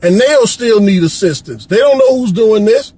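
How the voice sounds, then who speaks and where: Husky, high-voiced man ranting. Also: expressive, moderate pace, dark tone, rough recording. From Chicago. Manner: preachy, pleading, repeats "come on, man". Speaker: vlogger. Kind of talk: impassioned rant to camera. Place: Florida.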